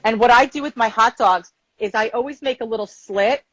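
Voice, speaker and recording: A woman's voice: on the high side, brisk, dry recording, low-quality recording. A woman from Long Island working as a guest chef, talking casually through a cooking demonstration with lots of "like" fillers. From Long Island, New York. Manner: chatty, relaxed, lots of "like" fillers. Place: home kitchen.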